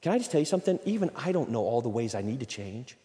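A man's voice: mid-range voice, very animated, fast talker, mellow, in a large hall. A man preaching a conversational sermon, acting out little everyday dialogues as he goes. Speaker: pastor.

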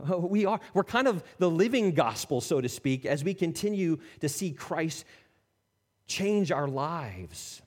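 Animated male pastor in a reverberant hall. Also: on the high side, measured pace. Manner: animated, acts out quoted voices, drops to soft intimate tones. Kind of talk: sermon. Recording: long reverb of a church hall.

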